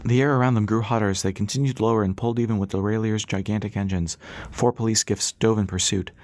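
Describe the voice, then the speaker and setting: A man narrating an audiobook in a brisk, steady storytelling manner. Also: on the low side, no room sound. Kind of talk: scripted narration.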